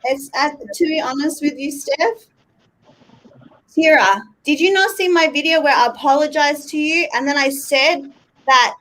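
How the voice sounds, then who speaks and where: Aussie woman on a live stream, high voice, blunt and fed up, swears a lot. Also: a little slow, a bit bright, poor audio. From Australia. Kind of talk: heated live stream argument.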